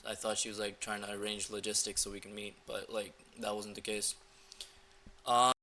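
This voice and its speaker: A man's voice: on the low side, flat delivery, normal speed, pushed and bright, a little hiss or hum. A young man in a loose, filler-heavy casual walkthrough, coaching viewers on dating messages. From United States. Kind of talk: casual screen-recording walkthrough.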